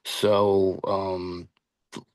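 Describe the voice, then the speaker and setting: Low-voiced man chatting in a dry room. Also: level tone, very slow, a little mellow, dry recording. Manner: rambling, full of fillers and restarts. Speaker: guest, paranormal investigator. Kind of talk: casual interview chat.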